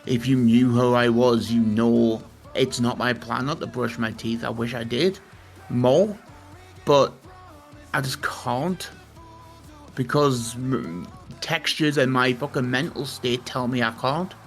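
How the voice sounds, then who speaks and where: A man's voice: medium pitch, slow pace, faint music behind. A young man chatting casually, ranting animatedly and swearing a lot. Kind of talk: casual chat on a stream.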